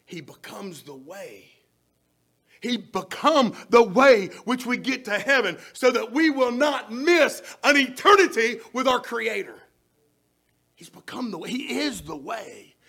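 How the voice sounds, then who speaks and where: A man preaches a sermon in a very high, lively voice. His tone is gravelly and bright, and he swings from shouted emphasis down to soft near-whispers. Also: a little slow. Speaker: pastor.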